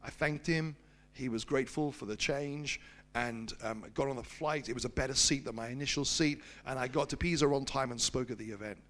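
A man preaching, telling a personal story in an animated storytelling manner and slowing down for emphasis. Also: medium pitch. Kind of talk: sermon storytelling.

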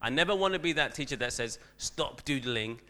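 Bright-voiced man telling a story. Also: on the high side, expressive, rapid-fire. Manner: self-deprecating storyteller, frequent restarts. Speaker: teacher giving a talk at church. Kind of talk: anecdotal church talk.

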